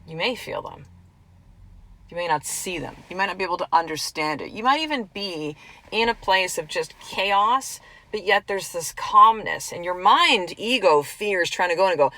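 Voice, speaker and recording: A middle-aged woman giving an earnest, chatty motivational talk as a podcast host and coach, slowly repeating affirmations. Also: on the low side, lively intonation, pushed and bright, rough recording.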